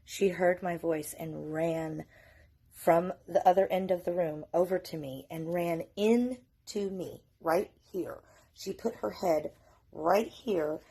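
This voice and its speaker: A woman's voice: lowish voice, vocal fry, darkish tone, husky. A middle-aged woman, a mother telling her family's story to camera, earnest and candid with frequent swearing, holding back tears.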